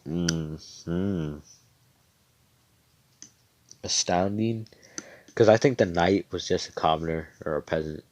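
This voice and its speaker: A man's voice: sits low, fast talker, hardly any pauses, a little mellow, dry recording. A young man casually telling a fan story, rambling with slang and frequent swearing.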